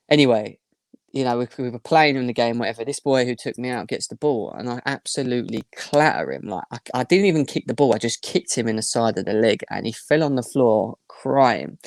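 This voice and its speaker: Gravelly young man telling a story. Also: medium pitch, no echo, clean studio sound. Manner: animated, rambling anecdote with restarts. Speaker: podcast guest. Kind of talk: casual storytelling.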